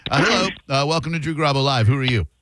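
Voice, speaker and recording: A man's voice: mid-range voice, rapid-fire, a bit bright. A male radio host taking calls, blunt and sarcastic, often restarting his sentences. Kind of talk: call-in radio talk.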